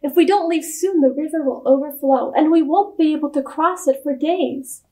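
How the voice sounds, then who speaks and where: A woman voicing a gentle, worried village mother who speaks softly and urgently, in a church storybook reading. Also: sits high, moderate pace, natural voice. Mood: earnest.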